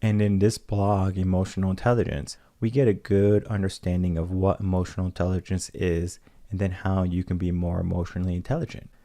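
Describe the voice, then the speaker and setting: Deep, mellow-voiced male coach. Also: level tone, a little fast, hardly any pauses, dry recording. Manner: conversational, often adds "right?". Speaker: podcast host and coach. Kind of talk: solo podcast monologue.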